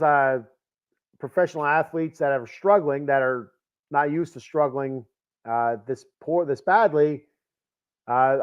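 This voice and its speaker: A man hosting a casual solo sports podcast, rambling and self-deprecating, with lots of fillers and restarts. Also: on the high side. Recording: dull lo-fi sound.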